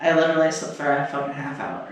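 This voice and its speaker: A man's voice: fairly high pitch, animated, fast. A man co-hosting a podcast, telling a story casually, rambling and swearing with lots of fillers. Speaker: podcast co-host. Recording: echoey room, distant mic.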